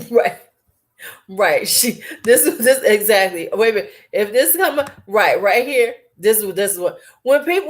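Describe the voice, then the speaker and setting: A woman talks casually to her viewers. She is blunt and animated, and she pokes fun at herself as she goes. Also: medium pitch, measured pace. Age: 40s. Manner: blunt, animated, profane, self-mocking. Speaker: beauty vlogger. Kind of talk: casual chat.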